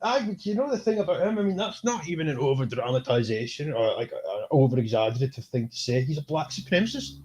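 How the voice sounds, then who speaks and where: A man's voice: medium pitch, lively intonation, fast, hardly any pauses, a little mellow. A man hosting a podcast, chatting casually in a rambling way and laughing often. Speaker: podcast host. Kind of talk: casual political chat.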